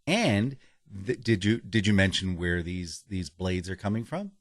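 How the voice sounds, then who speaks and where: Rambling male podcast host, lively. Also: low-pitched, measured pace, no room sound, clean studio sound. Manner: rambling, self-interrupting. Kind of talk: casual podcast chat with a read ad.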